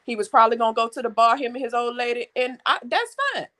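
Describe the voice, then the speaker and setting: A woman chatting casually as a co-host, telling animated, frank stories and swearing freely. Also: fairly high pitch, quick pace, poor audio. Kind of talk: casual storytelling chat.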